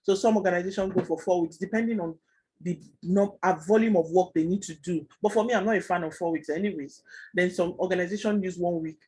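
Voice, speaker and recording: A man teaching a Scrum class online, explaining fast and chatty with many fillers. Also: sits high, a little mellow, slightly rough, poor audio. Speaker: Scrum trainer.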